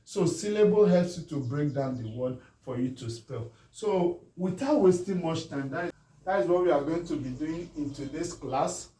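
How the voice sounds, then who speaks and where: A man with a Nigerian English accent teaches spelling, sounding words out slowly and often asking whether it is clear. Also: on the high side, warm tone. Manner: drawn-out syllable-by-syllable pronunciation. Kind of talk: spelling lesson. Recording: echoey room from far off.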